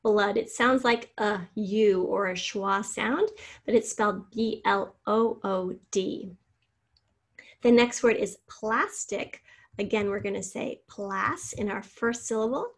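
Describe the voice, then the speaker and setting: Husky woman teaching a spelling lesson. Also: medium pitch, slow. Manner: clear, patient, sounding out syllables and letters.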